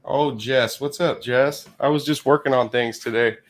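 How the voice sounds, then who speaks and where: A man's voice: medium pitch, steady tone, normal speed. An older man hosting a casual live stream from his garage workshop, talking in a laid-back, rambling way.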